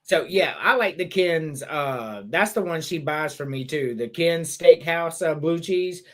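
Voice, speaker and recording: Animated, laughing podcast host man. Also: fairly high pitch, measured pace. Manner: animated, laughing, profane storytelling. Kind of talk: casual podcast chat.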